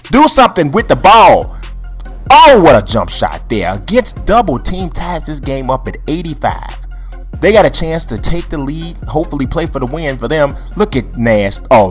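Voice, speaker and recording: A man calls his basketball video game like a loose, joking play-by-play announcer. His pitch swings widely as he teases the players and roots for his team. Faint game music plays underneath. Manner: animated, joking, trash-talking the players. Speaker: gameplay commentator. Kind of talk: casual play-by-play commentary over a video game.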